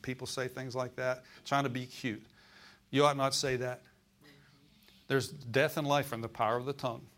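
A man's voice: mid-range voice, steady tone, moderate pace. Folksy older male preacher. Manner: folksy, digressive, rises to loud emphatic scripture quotes. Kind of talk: sermon.

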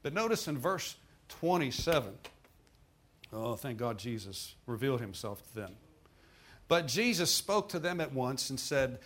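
A man preaching a sermon in a folksy, dramatic way, often laughing and breaking into sudden loud bursts. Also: medium pitch, lively intonation, moderate pace, slight background noise. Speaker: pastor.

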